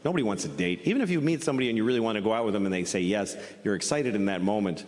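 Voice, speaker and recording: A man performing stand-up comedy, grumbling in a rapid way. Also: on the low side, expressive, a little mellow, long reverb tail.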